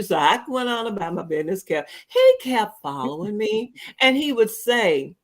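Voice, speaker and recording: Woman podcast host, animated storyteller, acts out voices in her stories. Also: medium pitch, moderate pace, hardly any pauses. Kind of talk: casual chat.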